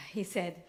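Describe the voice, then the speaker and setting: A woman presenting part of a church service, excited and emotional as she talks. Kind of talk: casual church service talk.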